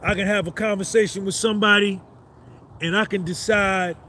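A man's voice: sits high, steady tone, brisk, pushed and bright, a little hiss or hum. A man in his fifties giving a boastful motivational monologue on a live stream, swaggering and repeating his phrases for emphasis. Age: 50s.

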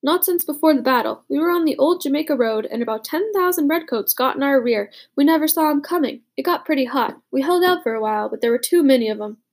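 Woman voicing a gruff teenage boy soldier. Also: sits high, animated, fast talker, hardly any pauses, voice pushed up. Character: teenage boy soldier, rough former bully.

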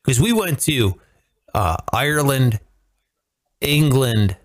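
An American man hosting a comedy podcast, chatting casually and animatedly, swearing freely and jumping into silly high voices when he quotes people. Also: sing-song, slow, no echo. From United States. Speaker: podcast host.

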